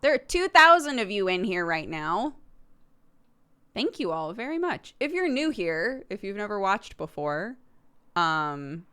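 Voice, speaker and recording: A woman's voice: mid-range voice, big pitch swings, a little slow, bright, forceful tone, smooth. A young American woman hosting a casual livestream, chatting to her viewers and laughing often. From United States. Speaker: livestream host.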